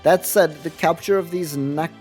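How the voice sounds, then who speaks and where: A man voicing a curt young male hunter, reading game dialogue aloud in a dry, clipped, formal way with sudden loud stresses. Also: fairly high pitch, steady tone, normal speed, faint music behind, natural voice.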